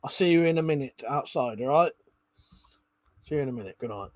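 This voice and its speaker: A man's voice: mid-range voice, lively intonation, brisk, no room sound. A drunk man hosting a live stream, rambling casually, swearing a lot and laughing often. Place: indoors at home.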